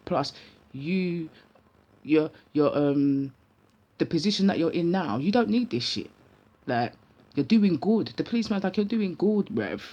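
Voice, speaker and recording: Lively, heavy man. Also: on the high side, a little slow, pauses often, dull audio. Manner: animated, slangy, acts out each side of a dialogue. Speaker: vlogger. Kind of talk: casual storytelling.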